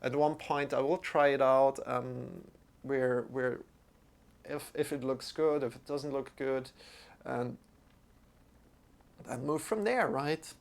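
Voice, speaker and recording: Slow, gravelly-voiced male yoga teacher. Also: medium pitch. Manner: unhurried, reads chat aloud and greets viewers by name. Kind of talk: live-streamed yoga class. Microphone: streaming microphone.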